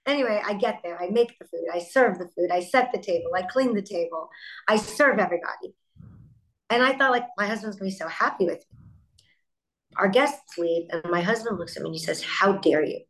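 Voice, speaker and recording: Speaking at a medium pitch over a rough recording, a middle-aged woman, founder of a company, answers as an interview guest. She's animated in her storytelling and drops in quick asides along the way.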